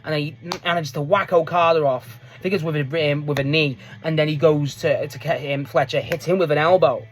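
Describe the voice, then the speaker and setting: A man with a notably high-pitched voice recaps a wrestling match in loose, casual talk. He rambles from one moment to the next, restarts often, laughs readily and swears freely. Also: fairly even intonation, brisk. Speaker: wrestling fan reviewer.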